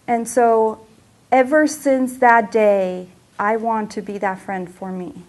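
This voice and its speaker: A woman emotional health coach speaks to a room, her voice sitting a little high. She tells her stories in an earnest, personal way, like a presentation talk. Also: measured pace, a little mellow, slight background noise. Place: center for women presentation room.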